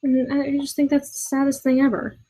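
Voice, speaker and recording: Young woman vlogger, fairly high voice, exasperated rant with halting restarts and swearing. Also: monotone, warm tone, low-quality recording. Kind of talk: ranting commentary video. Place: a room in her boyfriend's house.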